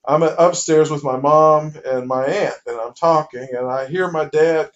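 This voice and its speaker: A man telling a casual spoken anecdote in a lively way, playing out each exchange as he goes. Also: a little high, moderate pace. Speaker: storyteller. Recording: dull lo-fi recording.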